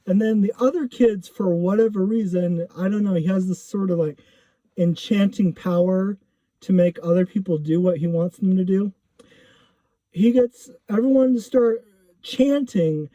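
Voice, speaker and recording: A man's voice: sits high, normal speed, mellow, no room sound. A man casually telling a personal story, rambling with lots of fillers and self-corrections. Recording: dull lo-fi recording.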